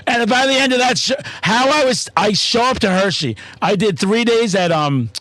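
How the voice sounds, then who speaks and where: Profane, excitable high-voiced man. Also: normal speed, dry recording. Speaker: podcast host. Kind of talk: casual chat.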